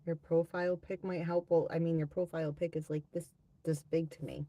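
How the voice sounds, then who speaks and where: A woman's voice: low-pitched, level tone, fairly quick, dark tone, dry recording. A woman hosting a live tarot-reading stream, chatting casually with viewers, reading out their comments and swearing freely.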